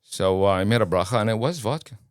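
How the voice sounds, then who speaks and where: Interview guest: a man, lowish voice, dry close sound, animated and chatty storyteller. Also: fast talker, dry recording. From Kuwait. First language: Arabic. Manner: animated, casual storyteller who acts out dialogue.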